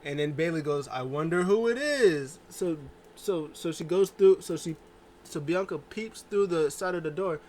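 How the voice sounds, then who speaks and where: A man's voice: on the high side, fairly even intonation, moderate pace, darkish tone. A man giving a loose, rambling casual recap monologue, full of filler words and restarts. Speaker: wrestling show reviewer.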